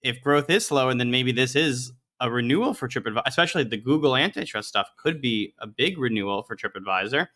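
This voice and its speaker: Bright-sounding guy cohosting a podcast, stumbles over his starts a bit. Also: mid-range voice, animated. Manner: quick, repeats words when starting. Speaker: podcast co-host. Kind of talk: casual podcast chat.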